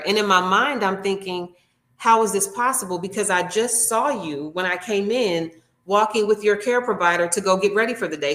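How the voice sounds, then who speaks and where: A woman's voice: mid-range voice, a bit bright, roomy sound. A woman working as a nail technician, telling an earnest, heartfelt story in an interview, acting out what people said. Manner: earnest and heartfelt, with frequent restarts and acted-out quotes.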